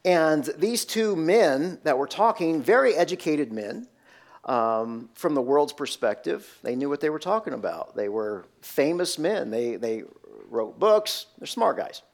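Storytelling preacher, man with a fairly high voice. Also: animated, unhurried. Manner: storytelling preacher, asks rhetorical questions. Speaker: pastor. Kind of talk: sermon.

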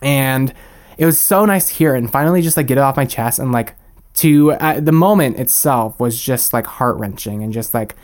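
A man's voice: medium pitch, normal speed. A young man, a podcast guest, telling a candid personal story in a chatty way with many fillers. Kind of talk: casual storytelling.

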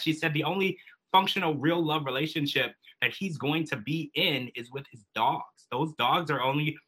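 A man's voice: a little high, bright, forceful tone, breathy edge, rough recording. A man co-hosting a podcast, giving emphatic and indignant opinions in casual recap chat. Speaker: podcast co-host.

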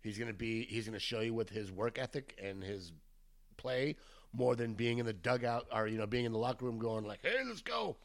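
A man's voice: fairly low pitch, steady tone, fairly quick. A man co-hosting a podcast in loose, chatty talk that drifts off track. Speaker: podcast co-host. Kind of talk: casual chat.

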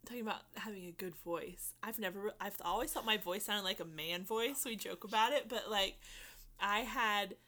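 A woman's voice: medium pitch, normal speed, pushed and bright. A young woman co-hosting a casual podcast, with dry, self-mocking humor and frequent laughs. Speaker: podcast co-host.

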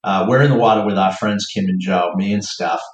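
A man's voice: lowish voice, brisk, echoey room, rough recording. A man with a Boston accent, telling a wry story in casual chat and lifting his voice when quoting people. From Boston area.

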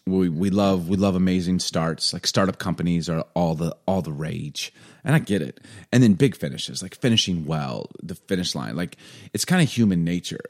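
A man in his forties from Chicago, co-hosting a casual podcast. His voice sits on the low side, and he thinks out loud in repeated, rolling phrases. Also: animated, moderate pace. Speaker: podcast co-host.

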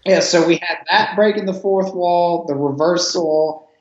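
A podcast co-host chats casually about a film, laughing often as he retells scenes. He has a high voice and speaks a little slowly. The lo-fi sound is echoey and dull.

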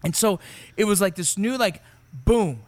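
A man's voice: sits high, animated, measured pace, no room sound. A man hosting a podcast in casual, profane interview chat, full of fillers. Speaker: podcast host.

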